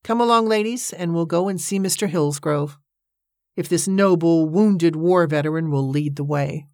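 A woman voicing a brisk, bossy woman with a sarcastic, commanding way of talking, in a storybook reading. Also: lowish voice, darkish tone, no room sound, studio quality, lightly acted. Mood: sharp.

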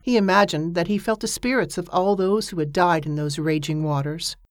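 A woman reading a story aloud as an audiobook narrator, with a steady storytelling manner. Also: normal speed, no echo, clean studio sound. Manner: steady storytelling voice, lifting pitch for characters' dialogue. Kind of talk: scripted narration.

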